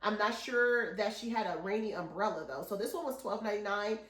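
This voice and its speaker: A woman's voice: medium pitch, fairly quick, a bit bright. A woman in her forties chatting casually through a shopping haul, rambling and enthusiastic. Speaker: haul vlogger. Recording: echoey room.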